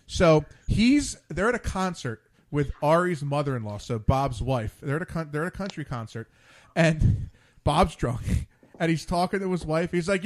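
A man's voice: on the high side, animated, moderate pace. A man hosting a casual late-night talk show, rambling off on tangents with many restarts. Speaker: podcast host.

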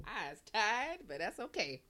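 A woman's voice: mid-range voice, sing-song, moderate pace, crowd noise. A young adult woman co-hosting a podcast, telling salty, laughing stories in casual chat. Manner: salty, laughing, profane storyteller. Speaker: podcast co-host.

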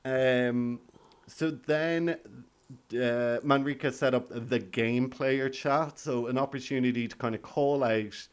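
A man's voice: medium pitch, steady tone, takes it slowly, smooth. A man hosting a podcast, chatting casually and playfully about a reality show and laughing often. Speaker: podcast host. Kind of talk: casual recap chat.

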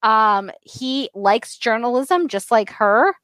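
A woman co-hosting a casual podcast, chatting playfully and acting out characters in quick quoted voices, on a close mic. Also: on the high side, animated, a bit bright, no room sound. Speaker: podcast co-host.

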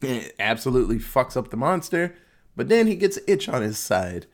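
A man's voice: mid-range voice, big pitch swings, fairly quick. A man casually recapping a movie plot in a loose, jokey way, swearing freely.

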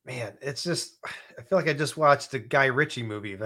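A man's voice: medium pitch, moderate pace, fairly bright tone. A man hosting a casual interview, reacting to the guest's stories and swearing freely. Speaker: interview host.

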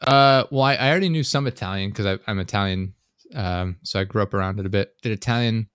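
Young guy on a podcast, lowish voice, deadpan humor, rambles a bit, dry sound. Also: fast talker, clean tone, no room sound. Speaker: podcast co-host. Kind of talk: casual chat.

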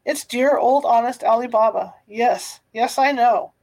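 A woman's voice: fairly high pitch, measured pace, a little mellow, rough recording. A woman voicing an old miserly man, tearful and eager, halfway between laughing and crying, in a storybook reading. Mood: excited.

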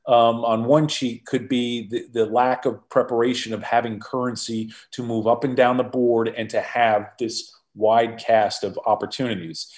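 A man guesting on a podcast, a mid-pitched voice that sits right in the ordinary range. He tells stories with animation and keeps restarting his sentences. He talks like someone recounting his own experiences. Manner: animated storyteller, frequent restarts. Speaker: podcast guest, former football executive. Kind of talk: conversational interview storytelling.

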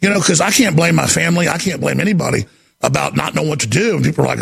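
Man, frantic radio host monologue, raspy husky voice, shouts often. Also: fairly high pitch, rapid-fire. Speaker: radio talk show host. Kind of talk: impassioned on-air monologue.

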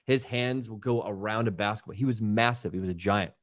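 Male podcast host, casual animated storyteller, does quick voices, dry booth sound. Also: lowish voice, no echo.

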